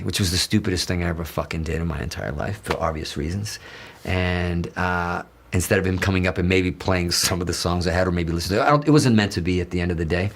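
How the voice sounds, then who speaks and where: Male interview guest, low-pitched, casual storyteller; swears a lot, restarts sentences, voices quoted dialogue. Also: fast. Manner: animated, profane, restarts often, acts out quoted dialogue.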